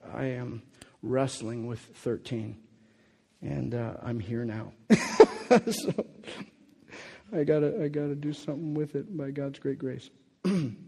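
A man preaching a sermon as a pastor, animated and acting out the voices of the people in his story. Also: medium pitch, husky. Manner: animated, acts out quoted voices. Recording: long reverb of a hall.

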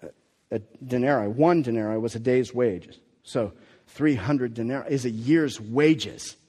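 In a large hall, a pastor with a high, slightly mellow voice preaches a sermon conversationally. He poses rhetorical questions and restarts his sentences.

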